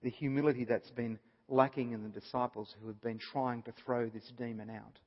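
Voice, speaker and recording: Husky man teaching in a reverberant hall. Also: medium pitch, fairly even intonation, normal speed. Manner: earnest, explaining with repeated emphasis. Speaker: Bible teacher. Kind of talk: Bible study talk. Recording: dull audio with long reverb.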